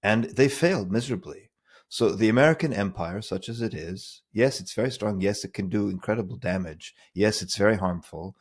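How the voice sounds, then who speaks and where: A man's voice: on the low side, fairly quick, husky. A man co-hosting a discussion podcast over a remote call, arguing his points emphatically. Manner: emphatic, argumentative. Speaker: podcast co-host. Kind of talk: casual discussion.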